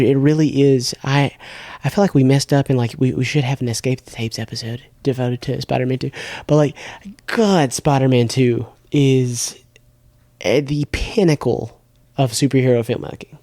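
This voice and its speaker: A young man co-hosting a podcast in loose, slangy talk, tripping over his words and restarting often. His voice is dark and mellow, and the sound is dry and close. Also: mid-range voice, no echo. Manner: rambling, slangy, stammering restarts. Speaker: podcast co-host. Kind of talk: casual chat.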